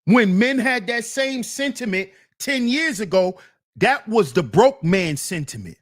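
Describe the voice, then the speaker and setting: A man hosting a solo commentary show, reacting to a clip with teasing, drawn-out rhetorical questions. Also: high-pitched, very animated. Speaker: commentary channel host.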